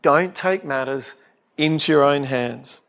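Man, middle-aged, Bible study speaker, emphatic, questioning, slightly high-pitched. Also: unhurried, fairly bright tone. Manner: earnest, emphatic, asks the audience questions. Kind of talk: expository Bible talk.

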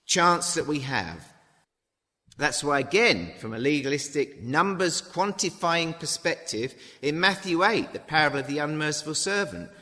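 Lively bright-voiced preacher. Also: male voice, on the high side. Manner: chatty, with tag questions and acted-out dialogue. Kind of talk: sermon. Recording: long hall reverb.

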